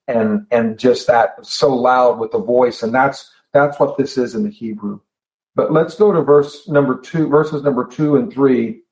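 A man preaching a sermon in a church, earnest and emphatic, repeating phrases and slowing down to stress key words. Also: mid-range voice, mellow. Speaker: pastor. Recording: slightly dull lo-fi sound.

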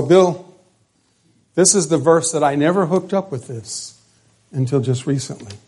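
A man preaching a sermon, stressing words hard and then dropping to quiet lines. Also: mid-range voice, breathy edge. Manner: emphatic, swings between loud stresses and quiet drops.

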